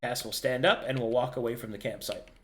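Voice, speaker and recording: A man's voice: medium pitch, steady tone, a little fast, slightly rough. A man narrating a tabletop game as its game master, in a playful way.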